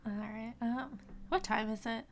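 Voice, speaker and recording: A woman's voice: a little high, measured pace, soft background music. A woman playing a tabletop game, casually describing what her character does. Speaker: player.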